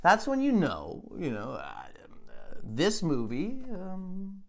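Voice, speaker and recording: A man hosting a comedy podcast, telling a rambling deadpan monologue in a halting, stammering way, full of restarts and "you know.". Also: high voice. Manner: deadpan absurd storytelling.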